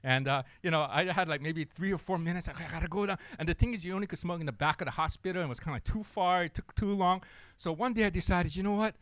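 A young man preaching a sermon, telling a story in an animated way and acting out the people in it. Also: fairly high pitch, fast talker, no echo. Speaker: pastor.

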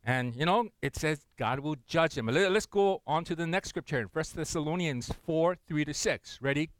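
A man's voice: on the high side, moderate pace, no room sound. A middle-aged man preaching a sermon as pastor, talking in a loose, conversational way full of fillers and repeated words.

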